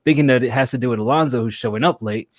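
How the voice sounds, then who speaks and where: A man in his thirties co-hosting a podcast, telling workplace stories in a casual, animated way and acting out the people he quotes. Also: mid-range voice, very fast, no echo. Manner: animated, acts out quotes, laughs a lot. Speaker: podcast co-host. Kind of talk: casual storytelling chat.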